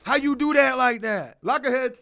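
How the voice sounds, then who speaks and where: A man's voice: extremely high pitch, normal speed, sharp tone. A man ranting profanely to his livestream chat, rambling from one jab to the next and mocking a viewer. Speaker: streamer talking to chat. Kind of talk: casual livestream rant.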